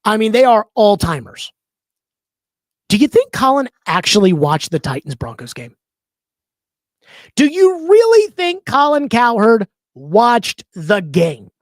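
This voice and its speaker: Male sports talk host, high voice, emphatic and chatty, dry close sound. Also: huge pitch swings, unhurried, no room sound. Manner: emphatic, conversational, stretches key words. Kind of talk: opinionated sports commentary.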